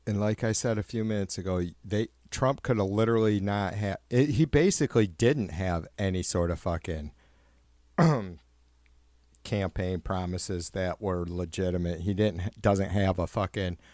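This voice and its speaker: A man hosting a livestream, ranting with heavy swearing and sarcasm, rambling and getting louder when worked up. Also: low voice, unhurried, no room sound. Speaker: livestream host. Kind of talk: profane political rant.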